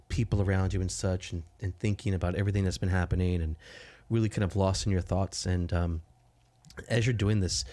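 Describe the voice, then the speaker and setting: Low-voiced rambling game master. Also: male voice, a little mellow. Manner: rambling, filler-heavy narration with restarts. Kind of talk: narrating a tabletop game.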